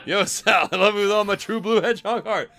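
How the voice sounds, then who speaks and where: A man's voice: sits high, a little fast, soft background music. A man voicing a hyper, cocky young male hedgehog hero who talks in a frantic rush. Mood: earnest. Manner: frantic, shouting.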